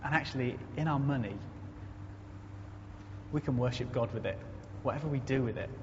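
A man's voice: mid-range voice, moderate pace, a little mellow. A man preaching a conversational sermon in a church, earnest and storytelling, building to emphatic repetition. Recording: echoey muffled hall recording, faint noise.

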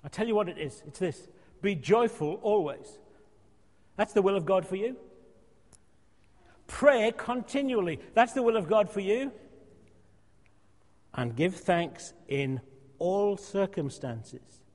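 A man with a high voice preaches a sermon, repeating his phrases for emphasis and now and then dropping to a soft hush. He speaks in a church, and his voice rings with a long reverb. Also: moderate pace, long pauses.

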